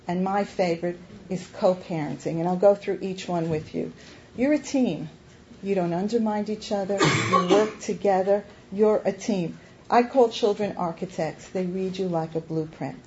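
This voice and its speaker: A woman's voice: mid-range voice, a little slow. A woman who gives IQ tests in schools, giving a talk to parents, emphatic and repeating her key points with rhetorical questions. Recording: dull lo-fi recording with faint noise.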